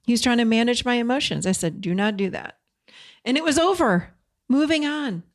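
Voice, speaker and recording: A woman, a codependency coach, hosts an advice podcast, coaching in an earnest, direct style and weaving in personal stories. Her voice sits on the high side, animated and a little fast, and she's chatty, often saying "you know."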